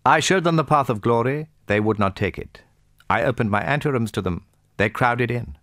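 A man's voice: medium pitch, moderate pace, fairly bright tone, no echo, pitched above the performer's own voice, natural voice. A man voicing a bored, weary young aristocrat with a dry, sarcastic manner in an audiobook reading. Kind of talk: audiobook character voice.

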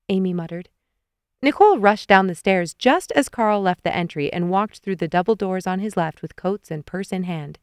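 A woman's voice: mid-range voice, normal speed, smooth, no echo, studio quality. A young adult woman reading a novel aloud as an audiobook narrator, giving the characters small shifts in voice. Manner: reads dialogue with light shifts for each character. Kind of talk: scripted narration.

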